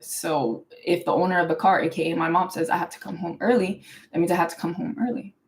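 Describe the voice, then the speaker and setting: A young woman hosts her own show and tells a personal story in a casual, rambling monologue. She is emphatic and animated and talks quickly. Her speech is loose, full of "like" fillers and restarts. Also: on the low side, slight background noise, rough recording. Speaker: show host.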